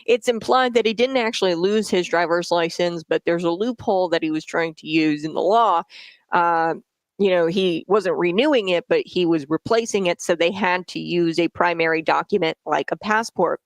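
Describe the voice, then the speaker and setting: A woman's voice: lowish voice, moderate pace, no room sound. A woman commenting on the radio in an indignant, sarcastic way, with many fillers and restarts.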